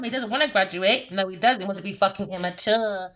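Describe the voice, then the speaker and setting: Woman doing a tarot reading, crude and teasing, lots of laughing, jumps from low mumbles to loud squeals. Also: a little fast, few pauses. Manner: brash, profane, laughs often, mocking; swings between low muttering and loud high bursts. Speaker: tarot reader.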